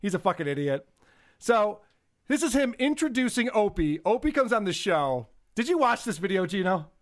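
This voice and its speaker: A man's voice: sits high, very animated, moderate pace. A man hosting a podcast, joking and mocking in casual banter. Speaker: podcast host.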